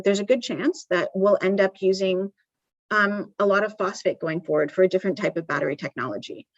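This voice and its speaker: A woman's voice: medium pitch, no room sound, highs cut off. A woman giving a live conference presentation in a conversational way, with frequent ums and restarts. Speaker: conference speaker. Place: conference venue.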